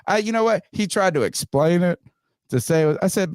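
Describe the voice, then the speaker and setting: A man's voice: sits high, fairly quick, dry recording, studio quality. A man on a podcast telling a story casually, swearing a lot and acting out what people said. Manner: profane, animated, acts out quotes loudly. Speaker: podcast host.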